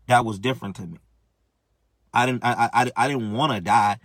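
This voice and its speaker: A man telling his testimony in an emotional, halting way, repeating phrases and stumbling through restarts. His voice is mid-pitched for a man. It is recorded dry and close, with no room echo. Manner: halting, repetitive, many restarts and stammers. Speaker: man giving a personal testimony.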